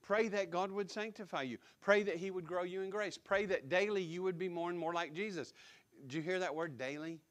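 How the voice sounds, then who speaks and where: A man's voice: sits high, brisk. A man preaching a sermon as pastor, emphatic, repeating key words and putting direct questions to the congregation. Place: church sanctuary.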